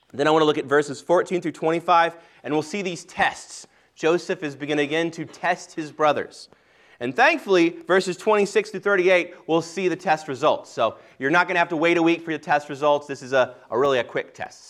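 A man delivering a sermon, moving from reading scripture aloud to explaining it to his congregation. He speaks in a measured, earnest way and sometimes restarts a phrase. His voice sits a little higher than most men's. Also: a bit bright. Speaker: pastor.

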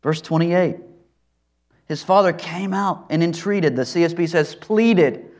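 Earnest preacher man, fairly high voice. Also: measured pace. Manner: earnest, emphatic, repeats phrases for stress. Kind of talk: expository sermon.

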